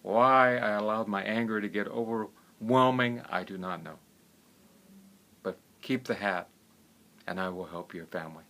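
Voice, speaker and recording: A man voicing a wealthy man from long ago, quick-tempered yet forgiving, speaking in a raised, emphatic voice. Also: lowish voice, vocal fry, pushed and bright, heavily acted. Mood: gentle.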